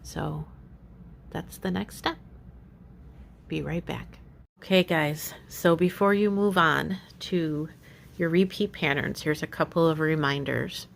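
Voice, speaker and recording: A woman walks viewers through a crochet pattern in a slow, unhurried tutorial, repeating each step patiently. Her voice sits low with a gravelly edge, and she pads her instructions with easygoing fillers. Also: steady tone, a little hiss or hum.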